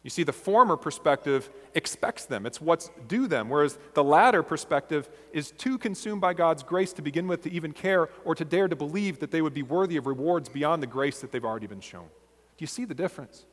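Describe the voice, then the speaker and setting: A man preaching a sermon as a pastor, earnest and measured, asking his listeners rhetorical questions. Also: a little high, lively intonation, big-room sound.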